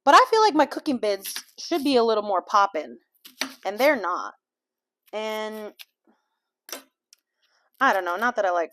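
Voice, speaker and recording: A woman talks casually into a small clip-on mic while she preps food in a home kitchen. Her speech rambles and wanders, packed with fillers and a loose, frank habit of swearing. Her pitch sits at an ordinary middle range for a woman. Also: a bit bright, a little hiss or hum. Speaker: vlogger and life coach. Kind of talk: candid casual chat while cooking.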